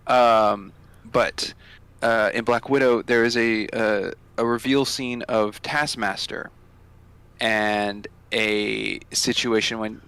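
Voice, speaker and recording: Lower-voiced dude on a film podcast, kinda rambly, hunts for words mid sentence. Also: male voice, steady tone, slow, a bit bright, clean tone, no room sound. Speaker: podcast co-host. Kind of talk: casual podcast chat.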